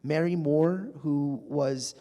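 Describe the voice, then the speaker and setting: A man's voice: fairly high pitch, slow. A man telling stories to a live audience in a large hall, acting out the people he quotes. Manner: animated storytelling, acts out quoted people. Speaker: guest speaker. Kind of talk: onstage public conversation. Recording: reverberant hall.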